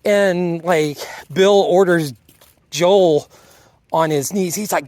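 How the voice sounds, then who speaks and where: With a medium-pitched, slightly mellow voice and an unhurried pace, a video reviewer casually retells a TV episode, recorded with no echo. The speaker performs the characters' lines but drifts and loses the thread at times.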